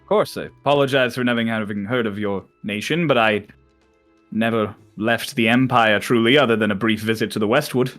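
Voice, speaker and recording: A man's voice: fairly low pitch, brisk, a bit bright, faint music behind, pitched below the performer's own voice, lightly acted. A man voicing a cheerful, courteous young male envoy who greets people eagerly.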